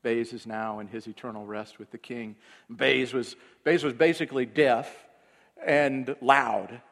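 A man's voice: fairly even intonation, a little slow. Male pastor preaching in a reverberant hall. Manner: storytelling, swinging between loud emphasis and hushed low passages. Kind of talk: sermon.

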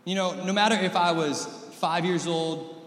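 A man in his thirties preaching a sermon and telling stories, moving between loud lively stretches and soft close ones. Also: high-pitched, normal speed, reverberant, long reverb tail. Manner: storytelling, swings from loud and lively to soft and intimate. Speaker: pastor.

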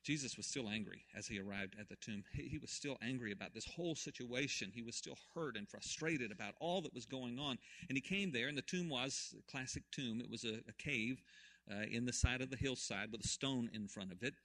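A man preaching a sermon, retelling a story with swings from hushed to loud. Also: medium pitch, fairly quick. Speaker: pastor.

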